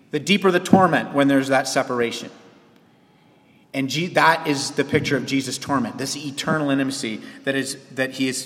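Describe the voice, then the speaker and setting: A man preaching a sermon as pastor, earnest, with sharp rises and sudden quiet drops for emphasis. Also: medium pitch, in a large hall.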